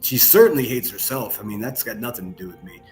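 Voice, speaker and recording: Man, reaction commentary host, mocking, sarcastic, foul-mouthed, mid-range pitch. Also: expressive, quick pace, darkish tone, faint music behind. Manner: profane, mocking, sarcastic ranting.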